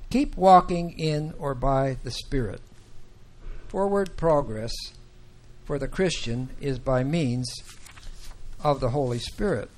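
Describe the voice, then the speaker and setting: Slow, halting man teaching the Bible. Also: mid-range voice, darkish tone. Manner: slow, halting, with many fillers and restarts. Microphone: microphone that sometimes cuts out.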